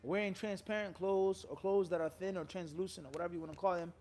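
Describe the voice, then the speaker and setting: A man with a notably high voice holds forth as a Muslim scholar on a live question-and-answer stream. He preaches emphatically, pressing his points with rhetorical questions and Arabic phrases. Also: steady tone, fast talker, a little mellow. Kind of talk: live Q&A sermon.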